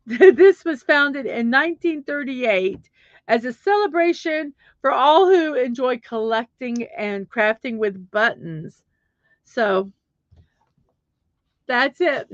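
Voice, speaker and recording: A woman's voice: on the high side, dry recording, highs cut off. A middle-aged woman hosting a casual livestream, chatting in a rambling way with many fillers while she searches for things on her computer. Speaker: livestream host.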